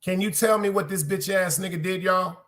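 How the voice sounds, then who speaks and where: A man ranting through a work story on his podcast, profane and animated, repeating lines for emphasis and calling out to his listeners. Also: high voice, a little fast. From Brooklyn, New York. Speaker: podcast host. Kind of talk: casual storytelling rant.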